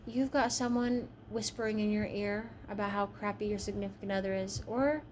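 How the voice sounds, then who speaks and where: A woman's voice: mid-range voice, steady tone, normal speed, darkish tone, a little hiss or hum. A woman giving a casual tarot reading, chatty and frank, tired from a long shift. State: tired, yawning. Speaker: tarot reader.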